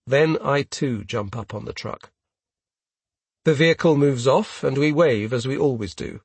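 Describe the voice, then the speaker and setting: A man reading a first-person story aloud in a measured, steady way. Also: medium pitch, slightly rough, dry recording. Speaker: audiobook narrator. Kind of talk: scripted first-person narration.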